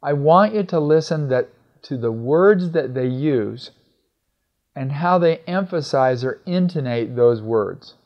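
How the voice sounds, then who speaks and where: A man's voice: medium pitch, expressive, measured pace. Middle-aged guy teaching a communication lesson, chatty, dull lo-fi sound. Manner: conversational, acts out quoted dialogue. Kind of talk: instructional talk. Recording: slightly dull, lo-fi recording.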